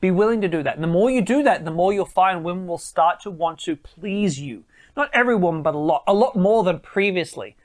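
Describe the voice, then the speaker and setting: A man's voice: sits high, animated, a little fast. A man giving dating advice straight to camera, emphatic and repeating phrases for stress. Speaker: dating coach.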